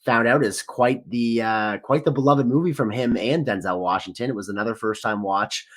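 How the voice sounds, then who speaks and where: A man's voice: mid-range voice, moderate pace, a bit bright. A man hosting a casual movie podcast, upbeat and friendly, with some fillers. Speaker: podcast host.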